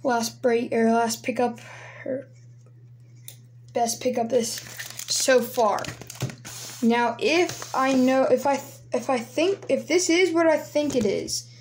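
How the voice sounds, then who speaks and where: A woman vlogging casually as she opens her mail, excitable and gushing, often dropping to a hushed, awed voice. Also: high-pitched, takes it slowly, long pauses, slight background noise. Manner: excitable, keeps saying "oh my gosh, guys", drops to hushed awe. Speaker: sports card collector vlogger. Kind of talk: casual unboxing vlog.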